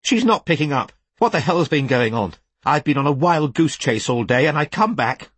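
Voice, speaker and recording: A man reading an audiobook, voicing an agitated thin male client who shouts in a high voice that cracks into falsetto. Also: sing-song, brisk, slightly rough, no room sound. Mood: furious. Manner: furious accusing outbursts.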